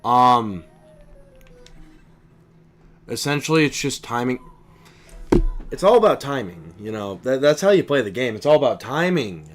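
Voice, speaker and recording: A man's voice: mid-range voice, sing-song, unhurried, long pauses, soft background music. A man streaming a game, with sarcastic mock enthusiasm and frustrated swearing as he plays. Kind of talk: live gameplay commentary.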